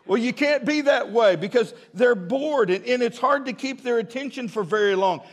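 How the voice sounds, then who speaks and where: A man, preaching a sermon in a folksy, humorous way, often restarting his sentences and dropping to a quiet voice for asides. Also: very high voice, moderate pace. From American South. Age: 50s. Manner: drops to a quiet, intimate tone for asides. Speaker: pastor.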